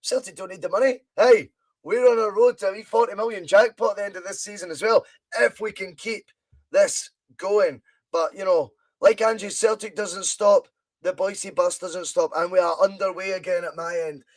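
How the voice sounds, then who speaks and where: A man's voice: high-pitched, fairly even intonation, normal speed. A Scottish man hosting a live football watch-along podcast, chatting in a rambling way and reading viewer comments aloud. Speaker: podcast host.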